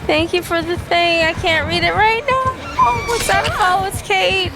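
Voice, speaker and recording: A woman streaming a game live and commenting as she plays, excitable and laughing often as she talks to her chat. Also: very high-pitched, moderate pace. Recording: game music playing clearly behind.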